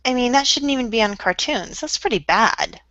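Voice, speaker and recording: A woman's voice: on the high side, lively intonation, fairly quick, sharp tone, no room sound. A woman co-hosting a casual talk show, joking and sarcastic in a playful way. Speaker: co-host. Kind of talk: casual chat. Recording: dull lo-fi sound.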